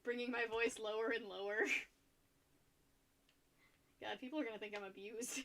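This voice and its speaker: A young woman streaming while she paints, chatting casually, rambling and laughing often, and getting loud when excited. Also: a little high, normal speed, a little hiss or hum.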